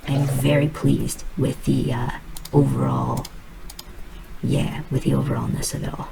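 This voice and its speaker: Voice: mid-range voice, little pitch movement, unhurried, gravelly, background noise. A host giving casual, rambling commentary while playing a video game, musing aloud in a put-on accent. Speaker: let's play host.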